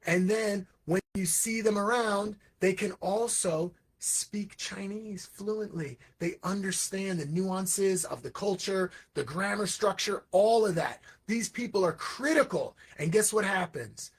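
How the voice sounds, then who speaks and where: High, husky man talking with energy. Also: measured pace, few pauses. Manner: energetic and emphatic, with frequent asides. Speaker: English teacher and education program founder. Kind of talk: live monologue. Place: Hong Kong.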